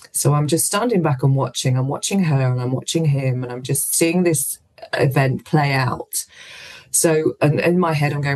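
A woman who is a guest on a radio show, telling a story with lively energy. She moves between her own narration and the lines people said, with some hesitations along the way. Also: deep voice, normal speed, poor audio. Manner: lively anecdotal storytelling, acts out quoted voices. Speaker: guest, businesswoman and author. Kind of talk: storytelling in an interview.

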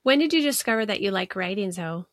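A woman's voice: mid-range voice, lively intonation, quick pace, no echo, studio quality. A woman hosting an interview, enthusiastic and gushing with praise. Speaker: podcast host. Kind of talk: casual interview.

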